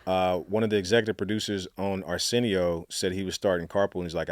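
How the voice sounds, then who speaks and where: A man's voice: low voice, fairly even intonation, fairly quick, no echo, studio quality. A middle-aged man from Alabama, a guest telling stories in a casual, chatty way with lots of fillers. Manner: chatty, many fillers, acts out quotes. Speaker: guest, author and storytelling coach. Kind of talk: casual interview storytelling.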